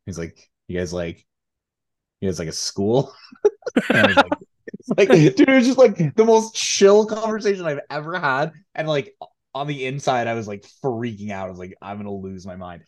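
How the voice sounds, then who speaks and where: A man's voice: medium pitch, very animated, moderate pace. A young man co-hosting a podcast, telling a story in a laid-back way, full of fillers and laughs. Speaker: podcast co-host and high school tennis coach. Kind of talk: casual storytelling chat.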